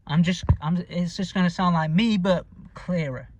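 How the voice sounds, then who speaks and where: A northern English man rambles bluntly through a casual vlog monologue, swearing freely and mumbling his words. His voice sits a touch high for a man. The sound is dry and close, with almost no room echo. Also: moderate pace. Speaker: vlogger. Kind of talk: casual self-talk vlog.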